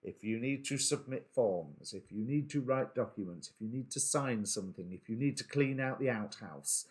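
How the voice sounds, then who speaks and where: A man's voice: mid-range voice, expressive, normal speed, a little mellow. A man giving a casual spoken tarot reading, hesitant, with many ums and self-corrections. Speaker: tarot reader.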